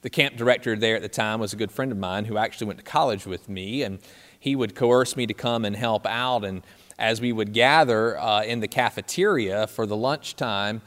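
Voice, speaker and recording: A pastor preaching a sermon, with lively delivery and slow, emphatic phrases. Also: male voice, on the low side, long reverb tail.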